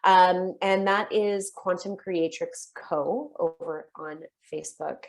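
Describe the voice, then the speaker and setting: A woman guest on a podcast, a coach speaking earnestly and warmly over a video call, with casual swearing. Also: on the low side, steady tone, slow pace. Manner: earnest, heartfelt, casually profane. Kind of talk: casual interview chat.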